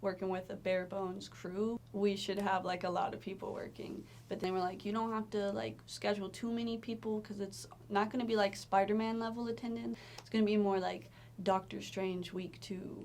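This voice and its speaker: Young woman from Tennessee, mid-pitched, chatty, animated storyteller, theater-worker type. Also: a little hiss or hum. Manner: chatty, animated retelling, frequent "like" fillers and laughs. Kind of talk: casual storytelling interview.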